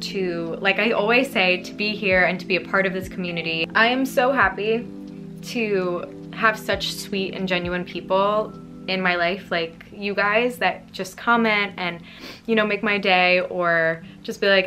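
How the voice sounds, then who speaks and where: A young woman talks through her book picks in a loose, rambling vlog style, tripping over fillers and getting emotional easily. Her voice sits at an ordinary middle pitch for a woman. Clear background music plays underneath her the whole time. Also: measured pace. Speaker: book YouTuber. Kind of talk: casual chatty vlog.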